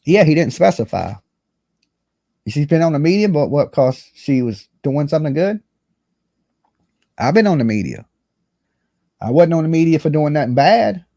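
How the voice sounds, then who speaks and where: A man's voice: a little high, very animated, moderate pace, gravelly, long pauses, dark tone, no echo, clean studio sound. A man co-hosting a casual commentary show, blunt and exasperated, cursing often. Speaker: co-host.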